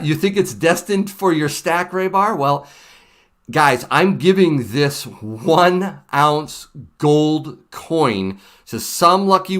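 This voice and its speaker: A middle-aged man from the United States hosting a casual livestream, chatty and animated, laughing often. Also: on the high side. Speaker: livestream host.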